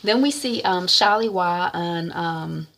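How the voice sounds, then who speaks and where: A woman's voice: on the low side, slow pace, fairly bright tone, a little hiss or hum. A woman hosting her own channel, chatting animatedly as she recaps a TV episode. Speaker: vlogger recapping a TV series. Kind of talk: casual recap.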